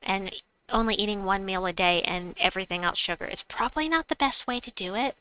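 A woman's voice: mid-range voice, a little fast, sharp tone. A woman hosting a casual gaming livestream, chatty and playful, reading chat aloud and making silly noises. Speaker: livestream host.

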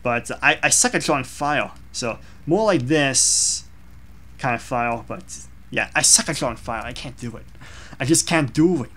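A man's voice: mid-range voice, lively intonation, moderate pace, fairly bright tone. Young man, casual drawing vlogger, rambling and self-deprecating. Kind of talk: casual commentary over a drawing.

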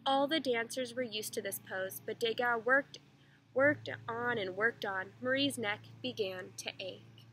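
A teacher reading a children's picture book aloud in a steady, expressive storytelling manner. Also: female voice, fairly high pitch, a little slow, a little hiss or hum, rough recording.

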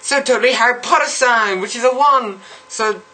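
A man's voice: extremely high pitch, normal speed, noisy background, voice pushed up. A young man putting on a bubbly, ditzy valley girl voice with a put-on California accent for a comic vlog. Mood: gushing. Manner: gushing, airy, stretched vowels.

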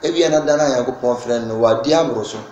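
A man's voice: mid-range voice, quick pace. Emphatic man in an echoey room. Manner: emphatic, rising and loud when making points. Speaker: interview guest. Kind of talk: casual interview in Twi. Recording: echoey room with faint background noise.

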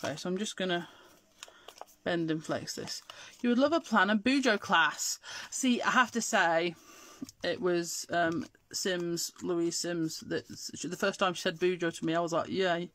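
A woman's voice: lowish voice, measured pace, a bit bright. A middle-aged woman with an English accent, hosting a live crafting demonstration and chatting to viewers while she works. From Scotland. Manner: chatty, answers viewer comments while working. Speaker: craft show host.

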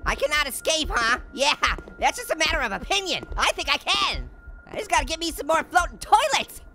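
A woman's voice: sits high, sing-song, a little fast, pushed and bright, faint music behind. A woman hosting a comedic let's-play, chatting and giggling as she plays a spooky game. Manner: giggly, jokey, exclaiming. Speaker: gaming channel host.

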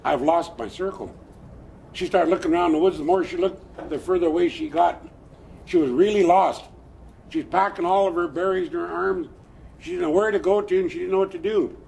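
An elderly man tells a traditional tale in a plainspoken, animated way. His voice sits high and has a gravelly edge. A faint hiss runs underneath. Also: brisk. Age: older. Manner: animated, plainspoken, chuckling asides. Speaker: storyteller, elder. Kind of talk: oral traditional storytelling.

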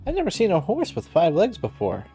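A man's voice: sits high, wildly swooping pitch, brisk, warm tone, faint music behind. A man playing through a detective game, reading its text and cracking sarcastic jokes as he goes. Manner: sarcastic and jokey, laughing often. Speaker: gaming streamer. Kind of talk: playful game commentary.

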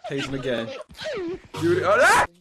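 A young man chatting casually while gaming with friends, excitable and prone to yelling and swearing in fright. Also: medium pitch, a little slow. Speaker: gamer. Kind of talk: casual co-op game chat. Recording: voice chat under loud game noise.

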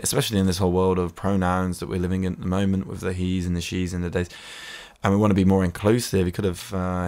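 A man's voice: deep voice, gravelly, darkish tone. A British man hosting a comedy podcast, reading from a book with rambling, sarcastic asides. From Britain. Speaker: podcast host.

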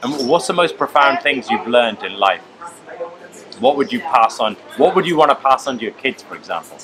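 A man's voice: medium pitch, animated, normal speed, a crowd in the background, rough recording. A man interviewing a comedian, asking questions casually with frequent hesitations and laughs.

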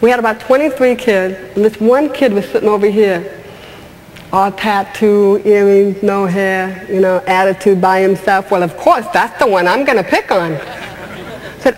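A woman's voice: mid-range voice, moderate pace, a little hiss or hum. Woman comedian telling stories in a hall. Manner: animated, talks straight to the audience with questions and laughs. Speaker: comedian and inspirational speaker. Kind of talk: stand-up storytelling. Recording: large hall with long reverb, faint ambience.

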